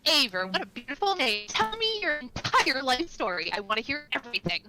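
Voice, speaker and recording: A woman's voice: high voice, big pitch swings, brisk, very noisy, pitched above the performer's own voice. A woman playing a chatty, outgoing half-elf in a tabletop game. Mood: friendly. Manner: gushing, outgoing.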